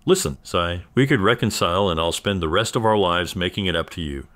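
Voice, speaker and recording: A man voicing a tearful young woman who pleads softly and apologetically with her ex-fiancé, read in a story narration. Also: sits low, lively intonation, a little fast, no room sound. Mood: pleading.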